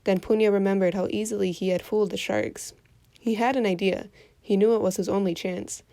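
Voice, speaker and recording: A woman reading a folktale aloud for children in an expressive storytelling voice. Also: medium pitch, fairly quick.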